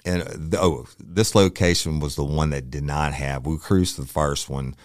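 A middle-aged man from Louisiana, telling a past case as a podcast host in an animated, profane way. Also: a bass voice, normal speed, no echo, clean studio sound. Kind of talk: casual storytelling.

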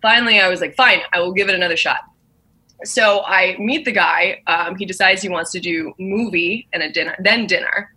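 Young woman in casual chat, acts out quotes, bright and a bit husky. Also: fairly low pitch, brisk. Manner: animated storyteller, acts out quotes. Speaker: guest telling a dating story.

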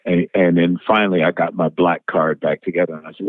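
A male musician being interviewed, telling anecdotes in an animated way, laughing and acting out what people said. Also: sits low, a little fast, hardly any pauses, no room sound. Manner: animated storyteller, laughs, acts out quotes. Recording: tinny phone-like interview line.

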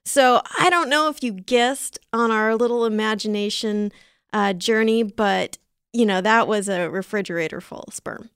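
A young woman with a creaky, gravelly edge to her voice chats through animal facts on a podcast, joking and wandering off topic as she goes. The sound is close and dry, with no room around it. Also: medium pitch, normal speed, a bit bright, dry recording. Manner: jokey, rambling, laughs often. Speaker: podcast co-host presenting science facts. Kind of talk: casual comedic chat.

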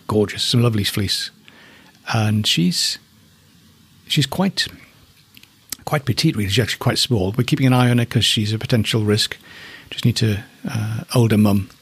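A middle-aged man who keeps alpacas in northeast England chats about them casually and lovingly as he thinks aloud. His fairly low voice comes across creaky and husky.

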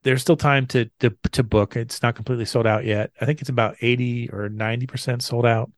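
A man's voice: mid-range voice, steady tone, fairly quick, no echo. A man co-hosting a podcast in casual chat, often stumbling and repeating words as he thinks. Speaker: podcast co-host.

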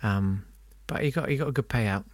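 A man's voice: lowish voice, normal speed, no echo, clean studio sound. A man co-hosting a comedy podcast, telling history stories in a theatrical, giggly way. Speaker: podcast co-host. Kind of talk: comic history storytelling.

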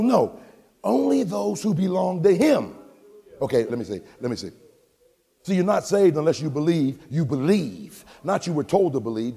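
Man, pastor, sermon, husky, fairly high voice, echoing church hall. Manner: humorous storytelling, shouted emphasis. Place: church sanctuary with congregation. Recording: long church reverb.

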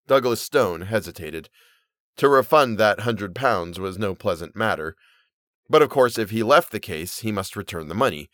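A man reading a Victorian short story aloud as storyteller, in steady, measured narration. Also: on the low side, dry recording, studio quality.

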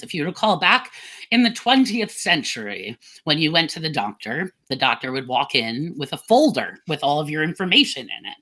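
A woman's voice: deep voice, bright, forceful tone. A woman co-hosting a podcast, explaining things casually with many fillers. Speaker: podcast co-host.

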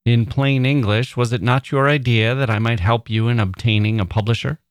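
A man reading the lines of a self-satisfied gentleman author, brisk and condescending. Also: mid-range voice, steady tone, clean tone, no room sound, clean studio sound, lightly acted.

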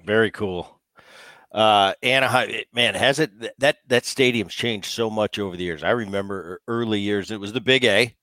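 A male host and former ballplayer chatting casually and reminiscing in a relaxed way. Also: on the low side, moderate pace, dry recording. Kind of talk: casual interview chat.

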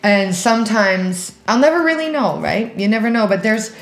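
A woman from Alberta, Canada, a podcast guest in casual conversation, telling animated stories full of fillers. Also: mid-range voice, normal speed, echoey room. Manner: animated storyteller, acts out quoted voices, many fillers.

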